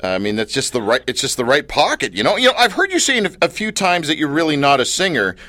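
A man hosting an interview, talking like an excited fan with slangy, enthusiastic chatter. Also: on the high side, quick pace, no echo. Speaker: interview host. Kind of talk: casual interview chat.

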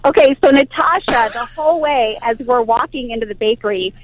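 A woman's voice: fairly high pitch, brisk, no room sound, poor audio. Bubbly woman phoning in from a car. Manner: bubbly storyteller. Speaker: guest. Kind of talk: phone-in radio chat. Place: car on the road. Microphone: phone.

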